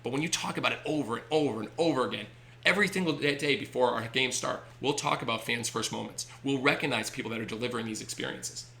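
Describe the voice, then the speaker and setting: Fast-talking gravelly man telling stories. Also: mid-range voice. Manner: animated, acts out voices in anecdotes. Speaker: baseball team owner and guest. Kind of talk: energetic storytelling on a podcast.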